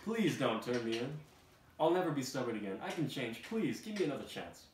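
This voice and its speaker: A man's voice: medium pitch, very animated, brisk, voice pushed up, natural voice. A man voicing a frantic male talking donkey who begs for another chance in a comic storybook reading. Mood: begging. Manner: begging. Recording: roomy, distant, noisy room.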